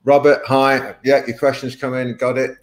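Hosting a casual live webinar, a man speaks at normal speed in a medium-pitched voice with little pitch movement. He's talkative, tells wandering stories, and breaks into laughter frequently.

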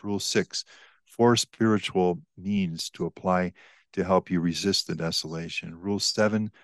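Low-voiced older priest, measured and earnest. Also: male voice, no room sound. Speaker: priest and author, podcast guest. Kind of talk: explaining spiritual teaching in conversation.

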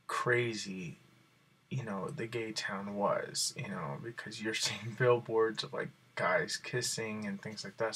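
Male vlogger, lowish husky voice, excited and rambling, casual storytelling. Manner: excited and rambling, many fillers like "like" and "you know". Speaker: video blogger.

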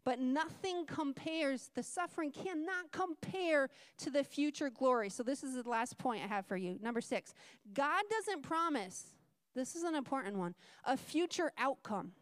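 High-voiced woman preaching, animated storyteller. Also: moderate pace, dry recording, studio quality. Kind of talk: sermon. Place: church.

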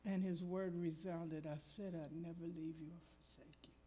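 A woman's voice: lowish voice, normal speed, slightly rough. A woman preacher telling a personal story in a sermon, acting out the voices of the people in it. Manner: animated, acts out the people in her story. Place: church.

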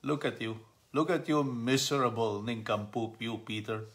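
A man voicing Jesus as an adult man gently mocking a doubting follower, playful and mock-scolding, during a family Bible talk. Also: mid-range voice, moderate pace, lightly acted. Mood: teasing.

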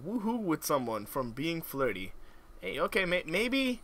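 Young male gamer, joking and slangy commentary; lively, bright delivery. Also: fairly high pitch, measured pace. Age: young adult. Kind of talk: let's play commentary.

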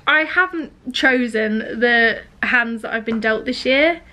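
A woman's voice: a little high, slow pace, sharp tone. A British woman in her twenties talking candidly to camera at home in a casual vlog, informal and chatty. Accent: British English. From United Kingdom. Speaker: vlogger. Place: home, indoors.

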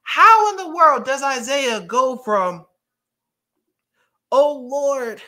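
A man's voice: very high voice, big pitch swings, takes it slowly, bright, forceful tone. A man preaching a sermon, reading scripture aloud emphatically and breaking into casual asides to his congregation.

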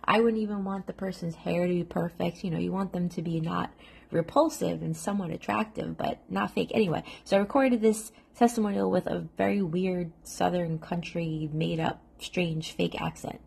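Gravelly New York woman, chatting. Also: fairly low pitch, normal speed, a little mellow. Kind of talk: casual storytelling.

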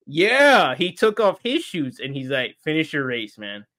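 A man, an interview guest, telling a story in casual chat, animated and laughing often. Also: on the high side, measured pace. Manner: animated, acts out quoted voices, laughs often.

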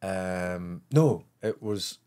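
An older Scottish man spins a long anecdote in relaxed podcast conversation. His voice sits low, and he breaks into laughter as he goes. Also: very slow. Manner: animated anecdote telling with frequent laughter. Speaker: guest comedian. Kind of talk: casual podcast chat, storytelling.

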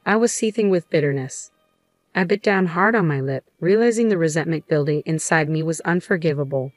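A woman reading a first-person story in an even, measured way. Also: low voice, no room sound, faint music behind. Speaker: narrator.

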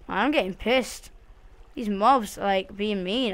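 A woman hosts a casual let's play, chatting to herself and to the game as she goes. She is jumpy and swears freely. Her voice is smooth and clear, sitting at an ordinary middle pitch. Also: a little slow. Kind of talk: casual gaming commentary.

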